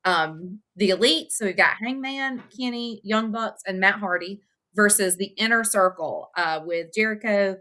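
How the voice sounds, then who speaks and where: Bright-voiced woman, chatty podcast co-host. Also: mid-range voice, moderate pace. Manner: chatty, fillers before her picks. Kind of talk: casual chat.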